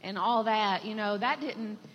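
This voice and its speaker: A woman's voice: medium pitch, unhurried. A woman sharing a heartfelt, reflective church testimony with fillers. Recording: dull sound with long hall reverb and faint noise.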